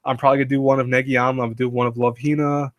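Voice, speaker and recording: A man's voice: medium pitch, level tone, rapid-fire, dry recording, clean studio sound. A man hosting a casual live stream, rambling and chatty, laughing often and reading chat aloud.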